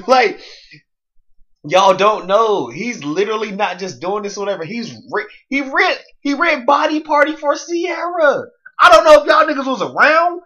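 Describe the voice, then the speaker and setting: Animated slangy man on a lo-fi mic. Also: high-pitched. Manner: animated, slangy, talks over his co-host. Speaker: music podcast co-host. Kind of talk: casual music review chat.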